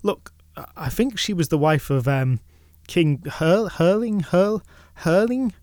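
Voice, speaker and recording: A man voicing a bewildered old shepherd who speaks in a thick, halting way. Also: sits high, darkish tone, dry recording, studio quality, pitched above the performer's own voice. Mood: puzzled. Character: bewildered old male shepherd, humble, unsettled.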